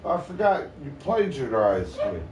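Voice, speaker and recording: Slow, rambling, profane man. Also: mid-range voice, sing-song, muffled recording, background noise. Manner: cursing constantly, disjointed and rambling. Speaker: vlogger. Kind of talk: rambling profane rant to camera.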